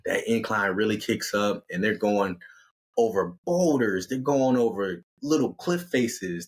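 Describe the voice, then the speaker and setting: A man telling a story in a casual, conversational way, acting out the characters with lively delivery. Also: lowish voice, slightly rough. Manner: conversational, animated, acts out characters.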